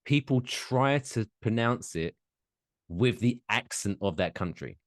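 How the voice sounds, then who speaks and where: A man's voice: lowish voice, animated, a little slow, no echo, studio quality. A man co-hosting a podcast in casual chat, ranting with plenty of swearing. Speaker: podcast co-host.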